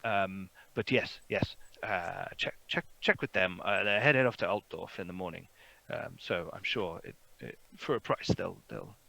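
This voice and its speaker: A man narrating a tabletop game as game master, relaxed and rambling with many fillers. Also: low-pitched, measured pace, creaky, few pauses.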